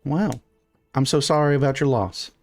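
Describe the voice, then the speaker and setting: A man voicing a stern, sharp-tongued middle-aged townswoman who is a mother, with a bossy, folksy drawl, in a tabletop game. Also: mid-range voice, moderate pace, no echo, faint music behind, natural voice.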